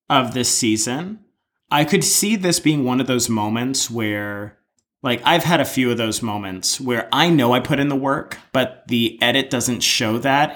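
Expressive man in casual podcast chat. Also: medium pitch. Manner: emphatic, expressive, swears casually. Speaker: podcast co-host.

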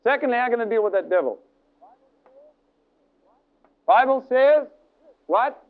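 A high-voiced male preacher who delivers a lively, dramatic sermon and acts out scenes with his listeners. The recording is thin and tinny, like an old phone line. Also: normal speed.

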